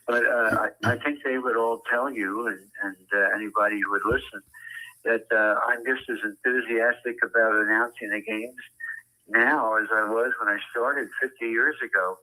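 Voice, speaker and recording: Older male PA announcer, interview guest: slightly low, very bright tone, careful enunciation, frequent pauses. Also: steady tone, poor audio. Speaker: ballpark public address announcer.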